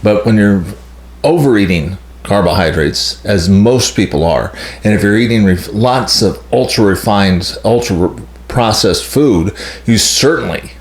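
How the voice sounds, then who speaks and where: A man's voice: on the low side, lively intonation, measured pace, roomy sound. A man hosting a health channel, explaining in a blunt, emphatic casual monologue that hammers home key points.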